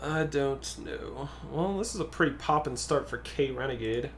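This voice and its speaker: A man's voice: medium pitch, moderate pace, slight background noise. A man, a guest co-player, chatting casually and thinking aloud while commenting on a card game.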